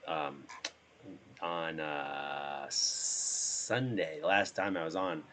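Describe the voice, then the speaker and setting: A hoarse man, sick, chatting casually and rambling as he streams himself playing a drone simulator. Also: a bass voice, very slow, fairly bright tone, slight background noise. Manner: rambling, trails off.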